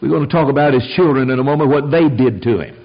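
A man preaching a sermon in a folksy, emphatic way, full of quick asides. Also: medium pitch, breathy edge. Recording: dull lo-fi radio broadcast.

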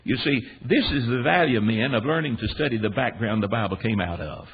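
An American man from the United States teaches a men's Bible class, animatedly telling stories and quizzing his class with questions. His voice is mid-range and brisk, and the recording sounds tinny and phone-like with faint hiss.

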